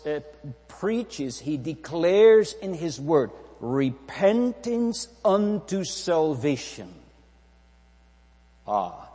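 A man's voice: fairly high pitch, a little mellow, slightly rough. A man preaching a catechism sermon, emphatic and full of rhetorical questions. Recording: echoey hall with long reverb.

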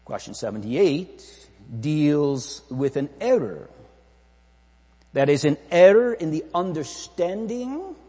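Slow husky man preaching in a hall. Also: mid-range voice, a little mellow. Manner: emphatic, rhetorical questions. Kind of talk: catechism sermon. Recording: echoey hall with long reverb.

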